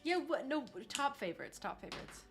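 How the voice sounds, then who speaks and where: Gushing, excitable woman streamer. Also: sits high, a little fast, over music. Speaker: livestream host. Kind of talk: casual livestream chat. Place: home streaming desk.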